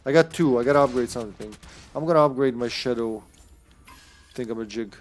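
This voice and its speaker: A man commenting on his own online game as he plays, swearing often and sometimes shouting at the screen. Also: medium pitch, fairly quick, faint music behind. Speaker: streamer. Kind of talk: live gameplay commentary.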